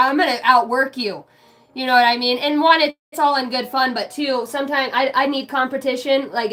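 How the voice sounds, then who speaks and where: A woman's voice: on the high side, a bit bright. A woman chatting casually on a live stream, brash and profane, laughing often.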